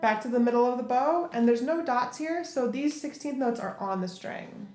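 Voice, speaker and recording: Speaking at a normal pace in a fairly high voice over loud music, a woman teaches viola, breaking down bowing one step at a time between played passages. It's recorded in an echoey room where the viola rings out loudly.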